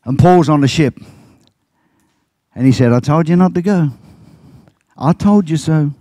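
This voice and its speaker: A man's voice: a little slow, dark tone, no room sound. Older male pastor, storytelling sermon. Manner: storytelling, acts out quotes with big pitch jumps.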